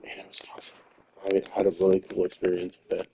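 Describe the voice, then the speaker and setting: A young man talking quietly to himself while streaming a game late at night in his quiet home. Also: low-pitched, completely flat delivery, quick pace, a little hiss or hum, poor audio. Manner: quiet, rambling, self-talking. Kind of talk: casual late-night gameplay stream chat. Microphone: controller or headset mic held close.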